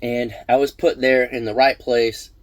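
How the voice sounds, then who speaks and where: Guy rambling through a story with lots of uhs and ums, dry close sound, average pitch. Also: flat delivery, measured pace, no echo. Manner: rambling, many fillers and restarts. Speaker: vlog host. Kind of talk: casual storytelling.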